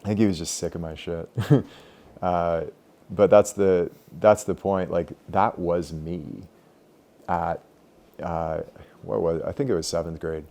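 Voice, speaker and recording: A man's voice: low-pitched, a little slow. A young man leading a group meditation class in a casual, loose way, full of filler words. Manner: relaxed, loose, many "like" fillers. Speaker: meditation teacher.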